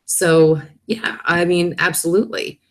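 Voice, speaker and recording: A woman in her thirties talks casually on her live stream, her voice sitting a little low. She reads out viewer comments and keeps the talk loose, apologizing quickly and laughing easily. Her manner stays chatty and informal. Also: fairly even intonation.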